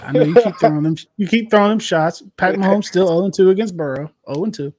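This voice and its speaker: A man in his thirties riffs on the week's games with a teasing, loose, swear-happy ease. His voice sits a little high and sounds close and dry, with no room around it. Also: quick pace, a little mellow, no room sound. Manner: joking, teasing, swears freely. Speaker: podcast co-host. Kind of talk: casual sports chat.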